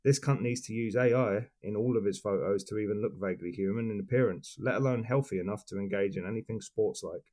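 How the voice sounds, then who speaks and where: A man co-hosting a podcast, reading a scripted rant of deadpan, sweary insults, then chatting casually. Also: on the low side, fast, few pauses. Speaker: podcast co-host.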